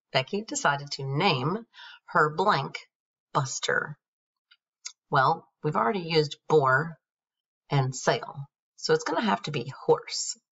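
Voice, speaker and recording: A woman's voice: deep voice, a bit bright, slightly rough. A woman teacher patiently going over a grammar worksheet, spelling words out letter by letter. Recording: dull, distant screen-recorded audio.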